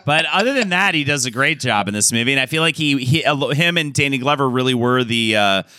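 A man's voice: mid-range voice, lively intonation, brisk, bright, forceful tone, no room sound. A man co-hosting a podcast in enthusiastic casual chat. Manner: enthusiastic, chatty, with frequent fillers. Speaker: podcast co-host.

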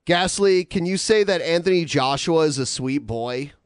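A man's voice: a little high, animated, normal speed, clean tone, dry recording, clean studio sound. A man hosting a casual podcast, rambling through announcements and reading donation messages aloud with lots of filler words. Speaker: podcast host.

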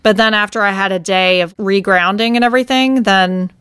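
A woman's voice: medium pitch, fairly even intonation, brisk, fairly bright tone, clean tone, no echo, studio quality. A woman in her thirties from the United States, telling her own life story in an emotional, reflective way. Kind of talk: personal storytelling.

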